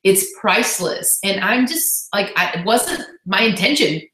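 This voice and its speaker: A woman coach speaks in a heartfelt, chatty way on a casual motivational call and slips in quick asides. Her voice sits at an ordinary middle pitch. The room around her gives a noticeable echo. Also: animated, a bit bright. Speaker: fitness business coach.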